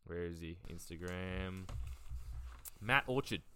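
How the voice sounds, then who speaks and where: A man's voice: low voice, takes it slowly, bright, forceful tone, a little hiss or hum. A man co-hosting a podcast in casual chat, joking and laughing often. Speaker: podcast co-host.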